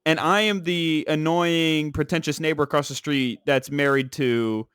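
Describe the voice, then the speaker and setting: A man co-hosting a casual podcast who jokes in a dry, wry way and acts out quick mock quotes. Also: fairly high pitch, fairly even intonation, a bit bright, smooth, no room sound. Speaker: podcast co-host. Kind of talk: casual chat.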